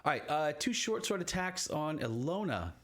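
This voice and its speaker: A man's voice: fairly high pitch, very animated, normal speed, fairly bright tone. A man running a tabletop game as game master, talking with many fillers and restarts.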